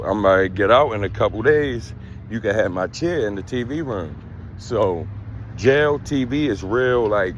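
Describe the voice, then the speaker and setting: A man telling a casual storytime, animated and full of street slang, acting out the quotes. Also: medium pitch, dull audio, slight background noise. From Baltimore, USA. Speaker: storyteller vlogger.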